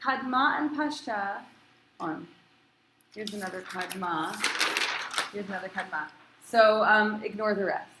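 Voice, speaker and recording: A woman's voice: medium pitch, a little slow, long pauses, reverberant, noisy background. Chatty woman cantor teaching a class. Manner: chatty, encouraging, asks students questions. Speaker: cantor teaching Torah cantillation.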